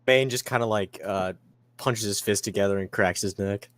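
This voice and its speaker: Low-voiced man, hesitant tabletop player. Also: normal speed, a bit bright. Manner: hesitant, loose, many fillers. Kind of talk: describing his character's actions in a tabletop game.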